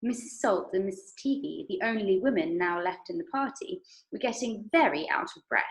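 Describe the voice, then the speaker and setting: An English woman teaching primary school, reading a story aloud to children in a lively, expressive way. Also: mid-range voice, normal speed, echoey room.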